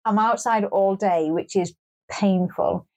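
A woman's voice: mid-range voice, slow, a little mellow. Chatty woman, wry grumbling. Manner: chatty, wry and grumbling, with frequent restarts and swearing. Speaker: podcast co-host. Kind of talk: casual chat.

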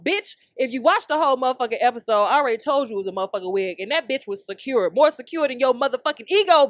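Young woman ranting loud and profane. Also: a little high, big pitch swings, fast, hardly any pauses, dry recording, studio quality. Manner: loud, heated, swearing nonstop, bursts of laughter. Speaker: podcast host. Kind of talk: profane comedic rant. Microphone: studio mic on camera.

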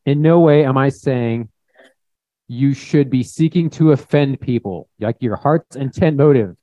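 A man's voice: medium pitch, measured pace, warm tone, no echo. A young man giving a plain-spoken, conversational sermon, reading scripture and acting out quotes. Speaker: preacher. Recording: dull, muffled recording.

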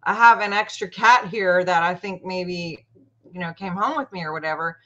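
A woman casually telling a long personal story in a chatty, animated way, acting out what people said. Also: fairly low pitch, normal speed. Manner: chatty, animated retelling with quoted voices. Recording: muffled lo-fi audio.

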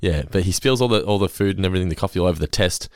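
A man chatting casually about a sitcom episode, animated and laughing often as he acts out the characters' lines. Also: sits low, rapid-fire, dry recording, studio quality. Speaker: podcast host.

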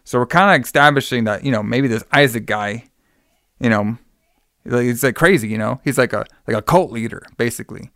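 A man's voice: medium pitch, fairly quick, a bit bright, no room sound, studio quality. A man casually recapping a horror movie plot with a podcast co-host. He rambles, swears often and fills his speech with "like" and "you know". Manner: rambling, profane, many fillers.

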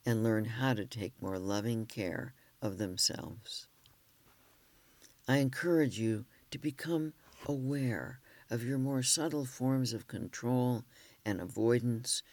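A man reads self-help narration gently and at an even pace. His pitch sits in the middle range. The recording is dry and close. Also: no room sound. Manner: gentle, measured storytelling. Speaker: relationship counselor and author.

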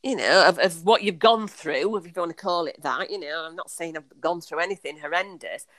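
A woman's voice: lowish voice, brisk, a bit bright, no room sound. A woman, a podcast guest, talking chattily and enthusiastically with many fillers and restarts. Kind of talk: casual conversational storytelling.

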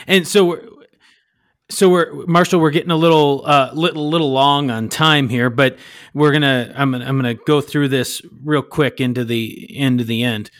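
A man's voice: medium pitch, fairly even intonation, normal speed, fairly bright tone, no room sound. Rambling man paraphrasing scripture, dry sound. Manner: rambling, searches for words, paraphrasing. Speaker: podcast host. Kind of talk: casual Bible discussion.

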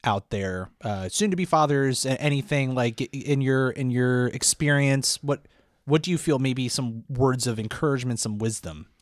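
A young man hosting a casual podcast, mid-pitched and relaxed. He gets animated when he tells stories and laughs easily. The sound is dry and close, with no room around it. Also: normal speed, no echo. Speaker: podcast host. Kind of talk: casual conversational interview.

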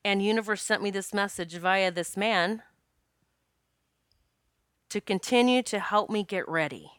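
Candid woman storyteller; crisp, bright voice; dry close sound. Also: medium pitch, measured pace, dry recording. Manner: candid, laughs often, swears freely. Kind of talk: casual storytelling monologue.

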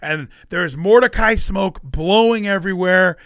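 A man's voice: sits high, a little slow, fairly bright tone, no room sound, clean studio sound. A young adult man hosting a podcast, chatting casually with rambling jokes and ranting bursts. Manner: rambling, joking asides and running gags. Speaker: podcast host. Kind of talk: casual chat.

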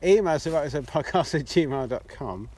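A man's voice: fairly high pitch, lively intonation, brisk, darkish tone, a little hiss or hum. Sweary southern English man, casual podcast banter. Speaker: podcast co-host. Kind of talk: casual chat. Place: outdoors in the evening.

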